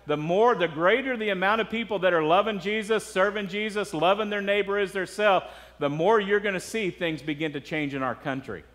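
A man's voice: high-pitched, fairly quick, a bit bright, long reverb tail. A man preaching a sermon as pastor, earnest and conversational, with frequent asides to the congregation.

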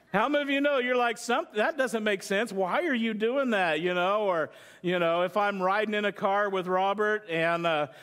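A man's voice: high-pitched, fairly bright tone. A middle-aged male pastor preaching a sermon with humorous illustrations, conversational, often asking the congregation questions.

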